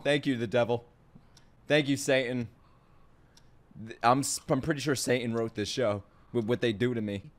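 A man hosting an anime reaction video in casual commentary, excitable and talking straight to his viewers, swearing freely and laughing often. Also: medium pitch, normal speed, pauses often.

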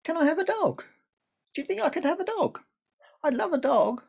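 A man voicing an excitable, good-natured little boy in a told family story, with a high, breathless, pleading manner. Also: fairly quick, vocal fry, exaggerated voice.

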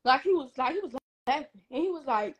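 A young woman telling a personal story on a live stream, animated and emphatic, acting out what others said. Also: sits high, brisk. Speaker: guest.

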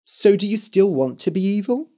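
A man's voice: sits high, animated, moderate pace, a little mellow, voice pushed up. A man voicing a devout mother who earnestly worries about her son. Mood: worried.

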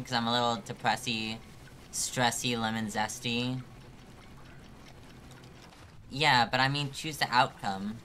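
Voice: medium pitch, pushed and bright, a little hiss or hum. A live streamer commenting on a hard climbing game, exasperated and self-mocking, joking about being about to cry.

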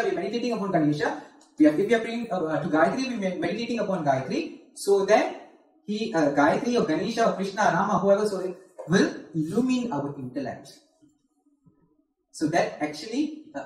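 A man with a Malaysian English accent giving a devotional talk, explaining patiently and chanting mantra lines slowly to demonstrate. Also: high-pitched, darkish tone. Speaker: spiritual teacher. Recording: echoey hall, voice from far off.

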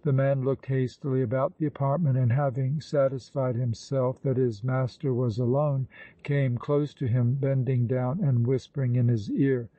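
A male narrator reads a classic novel in a measured, even way. His voice is dark and mellow. The recording is dry, close and slightly dull. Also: mid-range voice, dry recording, distant mic. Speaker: audiobook narrator. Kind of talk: scripted narration.

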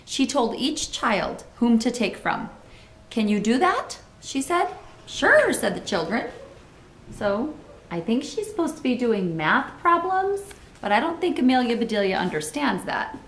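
Expressive woman reading a children's book. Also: on the high side, normal speed, slight background noise. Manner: expressive, asks listeners questions. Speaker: storybook reader. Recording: roomy echo.

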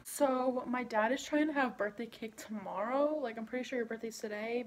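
A woman's voice: fairly high pitch, normal speed. A young woman talking casually to camera in a vlog, chatty and gushing, swearing now and then. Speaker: vlogger.

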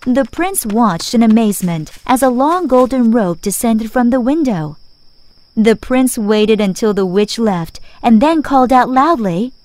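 Female storyteller for a children's fairy tale, clear and expressive, measured pace. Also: a little high, no echo. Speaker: narrator. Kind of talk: scripted storybook narration for children.

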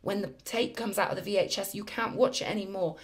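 A woman talks her viewers through a spiritual tarot reading. She sounds effusive and emphatic, with a chatty, mid-pitched voice that keeps pressing each point home. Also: steady tone, fast talker. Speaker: tarot reader.

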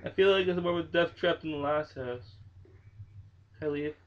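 A man's voice: on the high side, normal speed. A young man hosting a horror game playthrough, jumpy and nervous, swearing a lot and laughing nervously. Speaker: gaming channel host. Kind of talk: horror game let's play commentary. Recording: dull lo-fi home mic.

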